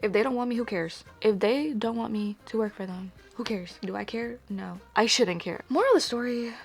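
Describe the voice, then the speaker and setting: A woman's voice: fairly high pitch, moderate pace, soft background music. A young woman, chatting casually to camera while doing her makeup, rambling and nervous. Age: 20s. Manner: rambling, filler-heavy, animated and anxious. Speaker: vlogger.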